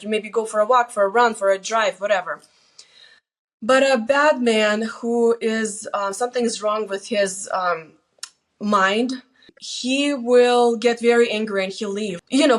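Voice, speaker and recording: A middle-aged woman talking casually, telling stories and giving plain-spoken, earnest advice as a guest on her daughter's channel. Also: on the high side. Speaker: guest, host's mother. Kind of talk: casual conversation.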